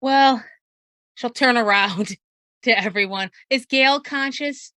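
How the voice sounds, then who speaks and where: Bright, high-voiced woman player. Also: slow, no room sound, clean studio sound. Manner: hesitant, restarts sentences. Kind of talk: casual in-character game talk.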